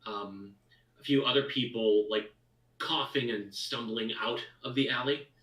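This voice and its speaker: A man narrating a tabletop game as dungeon master in a casual, halting way. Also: medium pitch, a bit bright, roomy sound, far from the mic, rough recording.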